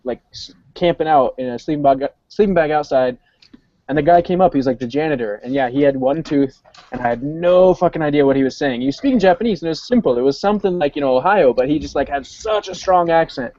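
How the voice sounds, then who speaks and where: A man's voice: fairly high pitch, lively intonation, quick pace, dark tone, no echo. A man casually telling a rambling story full of fillers in a group chat. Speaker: panel member. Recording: dull lo-fi online call audio.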